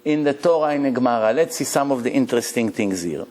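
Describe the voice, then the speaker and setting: A man's voice: medium pitch, lively intonation, fast talker, a little mellow. A male rabbi giving a Torah lecture, telling stories animatedly and asking the audience rhetorical questions, in English that is not his first language. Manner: non-native English grammar.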